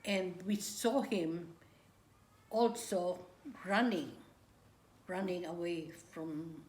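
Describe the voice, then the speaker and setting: An older woman, recalling her memories in an interview, talking haltingly with restarts and pauses. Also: fairly low pitch, a little mellow. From Philippines. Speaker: grandmother recounting wartime memories. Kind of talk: oral history interview. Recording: echoey room, faint ambience.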